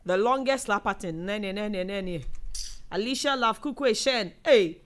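A young woman with a Ghanaian accent hosting a casual live show, reading out viewer comments in a chatty, animated way and laughing often. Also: mid-range voice, moderate pace.

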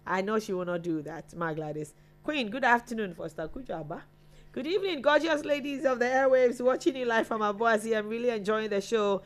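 A woman's voice: a little high, expressive, brisk. A Ghanaian woman co-hosting a live online chat show, chatting as she reads out viewer names and messages. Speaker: co-host reading viewer comments.

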